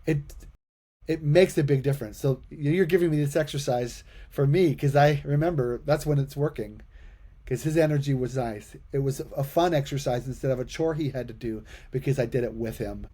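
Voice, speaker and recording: A man's voice: mid-range voice, husky. Male podcast host, middle-aged; casual, stammering, thinks aloud. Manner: warm-hearted, halting, stammers and restarts. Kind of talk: podcast interview, casual chat.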